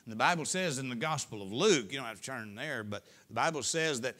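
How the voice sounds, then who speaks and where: A middle-aged male pastor preaching a sermon in a folksy storytelling way, rising to loud peaks and dropping to hushed lines. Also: mid-range voice, expressive, fairly quick. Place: church sanctuary.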